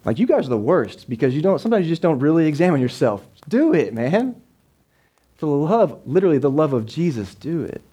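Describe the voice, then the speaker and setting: A man's voice: fairly high pitch, big pitch swings, brisk, mellow, slightly rough. Conversational pastor, man. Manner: conversational, repeats words, keeps checking in with the congregation. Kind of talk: sermon. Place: church service with a live congregation.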